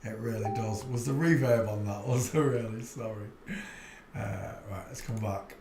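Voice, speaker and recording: This livestream host speaks in a lowish, darkish voice at a moderate pace, with fairly even intonation and faint music in the background. He rambles bluntly and chattily through casual commentary, cracking himself up along the way, in an echoey room.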